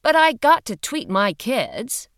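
A woman reading an audiobook, voicing a brisk, chatty female investigator who speaks eagerly and openly. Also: fairly high pitch, very animated, fairly bright tone, dry recording, clean studio sound, pitched above the performer's own voice, heavily acted. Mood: chatty, candid.

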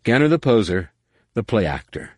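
A man reading an audiobook in a measured, dramatic narration. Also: lowish voice, big pitch swings, darkish tone, dry recording, studio quality. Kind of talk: scripted narration.

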